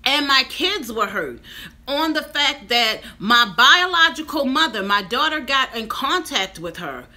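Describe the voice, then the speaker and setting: A woman's voice: high voice, sing-song, a little slow, bright, forceful tone. A woman in her fifties telling a personal story to her viewers in a chatty vlog. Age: 50s. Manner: chatty, addresses viewers directly. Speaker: vlogger.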